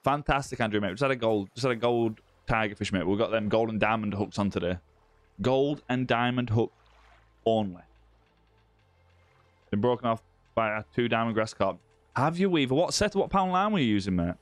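A man's voice: lowish voice, expressive, moderate pace, dry recording. A man hosting a live gaming stream, chatting casually with viewers and greeting them by name. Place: indoor room with ring light.

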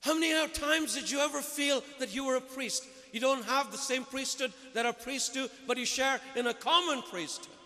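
Bright, high-voiced male preacher in a hall. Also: normal speed, few pauses. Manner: emphatic, with rhetorical questions to the audience. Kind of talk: sermon. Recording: long reverb of a large hall.

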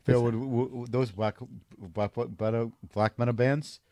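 A man co-hosting a casual podcast, asking halting, stumbling questions. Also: medium pitch, fairly even intonation, mellow. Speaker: podcast co-host. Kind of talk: casual chat.

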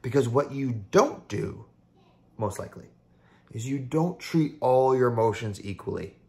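A man's voice: mid-range voice, a little slow, vocal fry, mellow. A man, a therapist, talking casually to camera about mindfulness in an upbeat, conversational way, now and then acting out people's inner voices.

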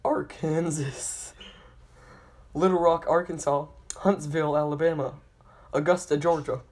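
Host reading place names real slow, flat voice, keeps redoing the hard ones and saying sorry. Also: mid-range voice. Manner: slow and careful, stumbling and retrying hard names; apologetic about pronunciation. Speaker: channel host.

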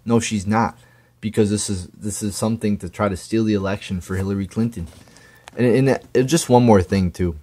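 A man's voice: lowish voice, normal speed, warm tone, slightly rough. A man ranting angrily about politics, swearing often and stumbling over his words with repeated restarts. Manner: profane, stammering, indignant. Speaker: political commentator. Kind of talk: angry political rant.

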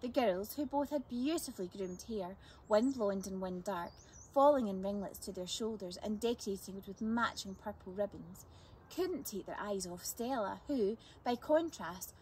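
A woman reading a chapter book aloud for children, with expressive, lively narration. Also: medium pitch, a little hiss or hum. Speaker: storyteller.

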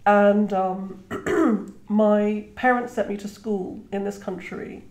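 A woman's voice: medium pitch, steady tone, slow, a little mellow. Woman in her 50s, from trinidad, british english, reflective, lots of "you know", echoey room. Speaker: guest author. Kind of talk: conversational interview. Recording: roomy echo.

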